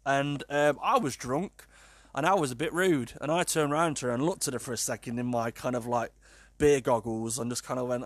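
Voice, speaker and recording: A British man in his thirties tells a personal story in a loose, rambling, self-deprecating way, dotted with fillers and asides. His pitch sits in a middling range, and the recording is close and dry with no room sound. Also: fairly quick, no echo. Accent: British English.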